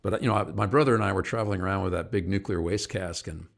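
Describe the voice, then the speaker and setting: On his live online show, a middle-aged singer and activist rambles through stories, chuckling and greeting viewers by name in casual live-stream fashion. His voice is deep and gravelly, fairly even in intonation, and he talks fast.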